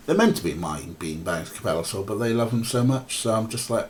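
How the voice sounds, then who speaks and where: A man's voice: sits low, big pitch swings, moderate pace, hardly any pauses, a little hiss or hum. A man streaming a point-and-click game, talking casually and rambling with many fillers while chatting to viewers and his cats. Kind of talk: casual let's-play commentary.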